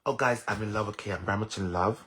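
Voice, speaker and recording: A man with a Jamaican accent ranting on a live stream, mocking and cursing with loud laughs. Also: lowish voice, fast talker. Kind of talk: casual live-stream rant.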